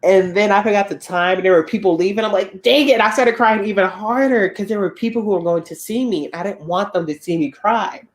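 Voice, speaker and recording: A woman's voice: medium pitch, brisk, hardly any pauses. A young woman with a Southern US accent, co-hosting a casual chat and telling stories with frequent laughs. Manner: chatty storytelling, laughs often. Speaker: co-host.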